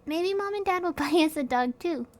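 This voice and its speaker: A woman's voice: very high-pitched, lively intonation, fairly quick, voice pushed up. A woman voicing a small, anxious little sister who talks in an earnest, pleading way. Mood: chatty. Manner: chatty, earnest, childlike pleading.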